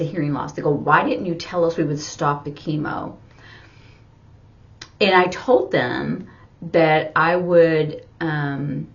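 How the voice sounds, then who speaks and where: Middle-aged woman telling her story real slow, lotsa ums, kinda muffled lo-fi sound. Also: low-pitched. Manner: slow, halting, many fillers. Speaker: ASL teacher and interpreter. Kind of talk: personal story told while signing. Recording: dull lo-fi sound.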